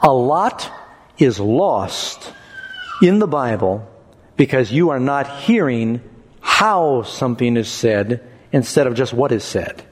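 A man preaching a sermon, expressive, acting out quoted lines in changing tones. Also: medium pitch. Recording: long hall reverb.

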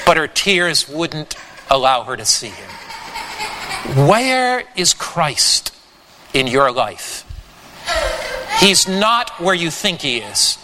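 Male preacher, sermon, high voice, bright and forceful, long hall reverb. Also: a little hiss or hum. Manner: slow, emphatic preaching with dramatic pauses. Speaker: pastor.

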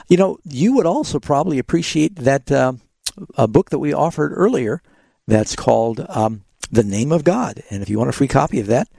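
Gravelly-voiced man hosting call-in Bible radio. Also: mid-range voice, darkish tone, no echo. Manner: patient, explanatory, frequent fillers. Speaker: radio Bible program host.

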